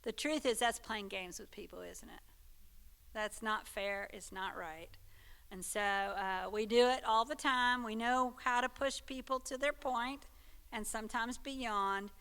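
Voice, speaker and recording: A woman's voice: a little high, unhurried, fairly bright tone, clear, resonant tone. A woman teaching a Sunday school class in a conversational way, often checking in with her listeners. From Texas. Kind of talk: church teaching talk.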